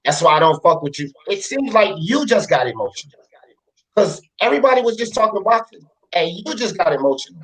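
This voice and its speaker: Fired-up man with a high, swooping voice. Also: big pitch swings, fairly quick, fairly bright tone, poor audio. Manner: fired up, repetitive, profane. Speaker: host of a boxing talk show. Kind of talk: heated live panel rant.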